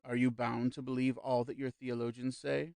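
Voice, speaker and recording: A smooth-talking spirit medium, read by a man, calm and persuasive, with a slow, reassuring delivery. The voice sits in a mid register, and the recording is close and dry. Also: mid-range voice, dry recording, close to an everyday voice. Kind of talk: audiobook character reading.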